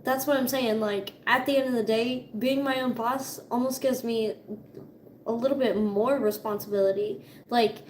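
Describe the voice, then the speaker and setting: A woman's voice: sits high, a little hiss or hum. A young woman in her twenties vlogging in a casual, chatty way, swearing freely and laughing often. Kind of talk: casual chat. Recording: echoey room with faint ambience.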